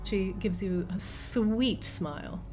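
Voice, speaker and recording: A woman narrating as dungeon master in an unhurried, easygoing way. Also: medium pitch, over music. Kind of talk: narrating a tabletop game.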